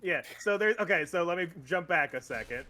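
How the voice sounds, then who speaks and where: A man's voice: sits high, expressive, a little fast, pushed and bright, soft background music. A young man streaming a game, chatting casually with friends and laughing often as he retells comedy skits. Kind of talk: casual gaming stream chat.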